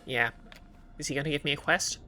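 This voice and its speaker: A woman's voice: extremely low pitch, steady tone, normal speed, pushed and bright, a little hiss or hum. Chatty woman streaming a game. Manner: chatty, rambling with many fillers. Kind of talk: casual game stream chat.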